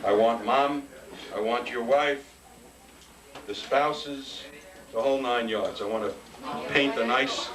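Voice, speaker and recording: A man's voice: medium pitch, slow, pauses often, a crowd in the background. A man emceeing a retirement party roast with brash, joking banter. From New York. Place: party hall. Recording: distant noisy party recording.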